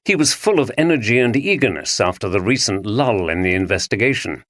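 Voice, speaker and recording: A man reading a mystery audiobook aloud in a measured storytelling manner, also speaking the detective's lines. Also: lowish voice, big pitch swings, a bit bright, dry recording. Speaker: audiobook narrator. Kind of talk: scripted audiobook narration.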